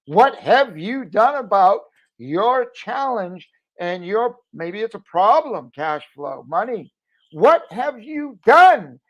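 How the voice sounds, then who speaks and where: A middle-aged man giving an emphatic promotional pep talk to camera as a business owner, urging listeners to act, with his voice swinging between loud and hushed. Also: sits high, lively intonation, slow pace. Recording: dull lo-fi audio.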